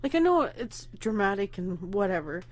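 A woman's voice: mid-range voice, very animated, moderate pace. A young woman hosts her own casual podcast, pregnant and emotional. She talks candidly and rambles, often close to tears and breaking into nervous laughs. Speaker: podcast host.

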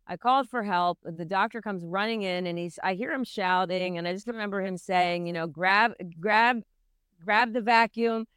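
A middle-aged midwife, interviewed for a podcast, relives a difficult memory, recounting her own hard birth earnestly and intensely. Her fairly low, clean-toned voice moves briskly, with few pauses. There's no room sound, and the studio recording is clean.

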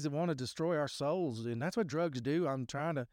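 A man's voice: fairly high pitch, normal speed, hardly any pauses, a little mellow, no room sound. Guy preaching about recovery on his podcast, rambly and fired up, dry close sound. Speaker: podcast host. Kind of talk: sermon-like recovery talk.

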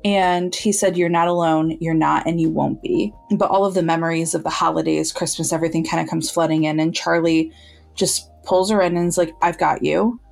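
A woman co-hosting a podcast, retelling a novel's scenes with animated quoting of the characters. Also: sits low, brisk, gravelly, soft background music. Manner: animated storytelling, acting out characters' lines. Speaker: podcast co-host. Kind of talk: casual book-club chat.

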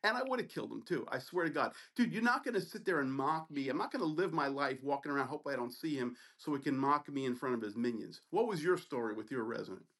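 A middle-aged man telling a story on a podcast in a casual, animated, profane way, acting out the people in it. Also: mid-range voice, fast, hardly any pauses. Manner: animated, profane, acts out voices in his story. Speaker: podcast co-host.

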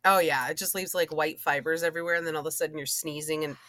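A woman's voice: sits low, fast talker, no room sound. A woman in her thirties co-hosting a casual podcast chat, telling stories with acted-out quotes and frequent laughter. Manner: animated storyteller, acts out quotes, laughs often. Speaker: podcast co-host.

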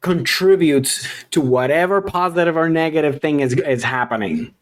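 A man co-hosting a casual podcast chat, chiming in with short remarks and some halting restarts. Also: fairly high pitch. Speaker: podcast co-host.

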